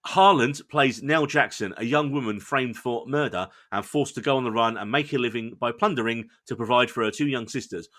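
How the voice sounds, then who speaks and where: An enthusiastic male podcast host with a bright voice, talking through a show he enjoyed in easy, chatty review mode. He is playful and quick to poke fun at himself. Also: medium pitch. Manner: enthusiastic, chatty, self-deprecating. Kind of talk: casual review chat.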